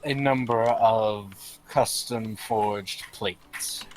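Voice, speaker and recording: A man's voice: on the low side, extremely slow, poor audio. Man playing a tabletop game, faint hiss. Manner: relaxed, describes his actions. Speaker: player.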